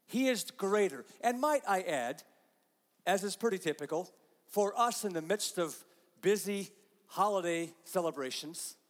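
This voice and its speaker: A pastor giving a conversational sermon, dropping to soft, slow asides and rising to loud, emphatic lines. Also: male voice, high-pitched, big-room sound. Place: church sanctuary.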